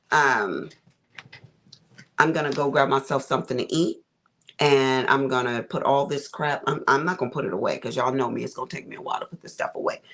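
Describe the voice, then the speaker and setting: A woman's voice: deep voice, fairly bright tone. A middle-aged woman hosting a casual craft livestream, chatty and folksy, calling her viewers y'all and honey.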